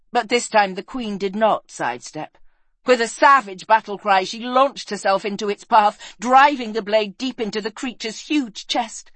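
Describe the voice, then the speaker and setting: A woman narrating a fantasy adventure book, reading expressively and dropping low and soft in the sad passages. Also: no echo. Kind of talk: dramatic storybook narration.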